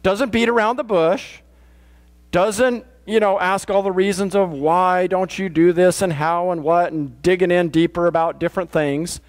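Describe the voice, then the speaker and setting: A man's voice: sits high, fairly even intonation, moderate pace. A pastor delivering a conversational sermon in a plain-spoken, matter-of-fact way, often restarting his sentences. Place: church.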